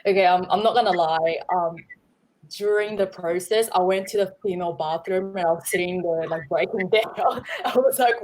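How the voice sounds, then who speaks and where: A woman with a fairly low voice, talking about her short film in a relaxed livestream chat. She rambles candidly, with plenty of fillers along the way. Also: a little fast, slight background noise, low-quality recording. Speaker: filmmaker guest. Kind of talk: casual livestream Q&A.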